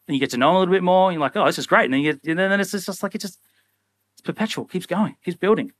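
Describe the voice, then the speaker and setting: A young man preaching a sermon in a casual, animated way, often acting out little everyday scenes. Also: high voice, fast talker, dry recording. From Australia. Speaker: pastor.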